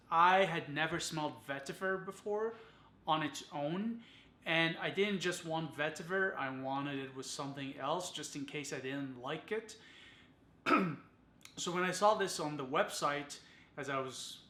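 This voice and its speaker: A man's voice: a little high, sharp tone, reverberant. A man giving a chatty to-camera perfume review, often adding "okay" and "you guys".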